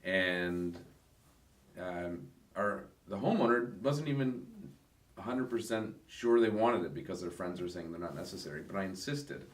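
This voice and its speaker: Deep-voiced male co-host, chatty and explanatory, recorded far from the mic in a reverberant room. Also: expressive, moderate pace. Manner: explains at length, conversational. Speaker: real estate agent co-host. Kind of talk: casual podcast chat.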